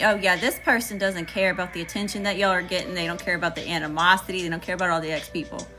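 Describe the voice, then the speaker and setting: A woman's voice: lowish voice, steady tone, quick pace, hardly any pauses, bright, forceful tone, faint music behind. A woman with a Southern accent doing a casual tarot reading, chatty and slangy, talking back to Spirit. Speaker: tarot reader.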